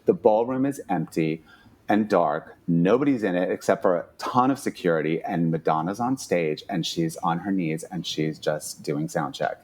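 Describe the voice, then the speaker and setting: A man telling a story as a podcast guest, animated, with lots of "like" and acted-out quotes. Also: sits low, normal speed, slight background noise. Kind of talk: casual storytelling.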